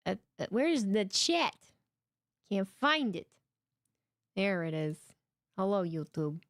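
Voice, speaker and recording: With a sing-song, mid-range voice and an unhurried pace, a woman chats playfully on her live watch-along stream, teasing viewers she calls "my darlings." She uses headphones and a desk mic, and the audio is studio quality without echo.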